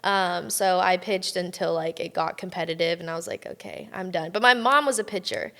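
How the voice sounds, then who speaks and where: A woman's voice: fairly low pitch, a little fast, creaky, a bit bright. A young adult woman, a college athlete guest, telling a story in casual chat and often saying "like". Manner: chatty storytelling, frequent "like".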